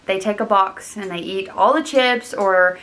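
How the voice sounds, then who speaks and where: A woman's voice: mid-range voice, unhurried. A young woman vlogging, chatting casually and acting out other people in quotes. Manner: animated, mimics people in quotes. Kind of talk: casual chat.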